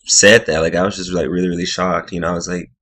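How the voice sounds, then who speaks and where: A man's voice: low-pitched, little pitch movement, fast, fairly bright tone. A man casually recapping a reality show episode in a rambling way, full of filler words. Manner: rambling, full of "like" and "you know".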